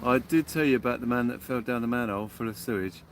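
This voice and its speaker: A man hosting a casual live stream from a beach at night, giving cheery shout-outs and telling jokey stories. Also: mid-range voice, fast talker, a little hiss or hum. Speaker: livestream host.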